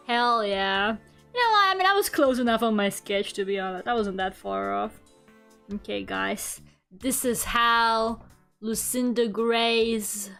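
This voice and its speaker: While drawing, this woman streamer keeps up a loose, giggly stream of talk full of "like." Her voice sits in the mid-range with a fairly bright tone.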